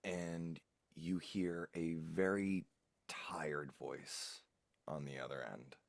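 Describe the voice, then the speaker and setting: A man narrating as game master in a tabletop game, unhurried and wry. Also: low voice, fairly even intonation, gravelly, dry recording.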